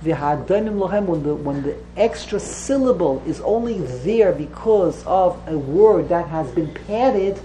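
A woman's voice: on the low side, expressive, measured pace, hardly any pauses, warm tone, a little hiss or hum, rough recording. A woman teaching a religious text class to students, explaining patiently and often repeating and correcting herself.

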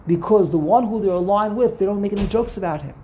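A man's voice: sits high, fast, dark tone. Guy chatting thru a class, trips over his words a lot, some faint noise in the back. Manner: rambling, repeats words, storytelling. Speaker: Torah class teacher. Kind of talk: casual Torah discussion.

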